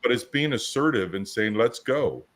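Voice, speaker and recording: A man's voice: medium pitch, lively intonation, moderate pace, fairly bright tone. A man co-hosting a coaching podcast, talking assertively in casual chat and acting out quotes in his stories. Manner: assertive, storytelling with acted-out quotes.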